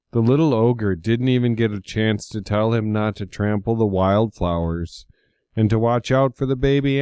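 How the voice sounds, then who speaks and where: A man reading a children's picture book aloud in a slow, expressive storytelling voice. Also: fairly low pitch, smooth, no echo.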